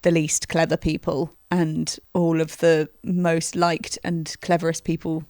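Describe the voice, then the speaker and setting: A British woman co-hosting a casual chat about a reality show, excitable and giggly, with the odd swear. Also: sits low, measured pace, no room sound, clean studio sound. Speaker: podcast co-host.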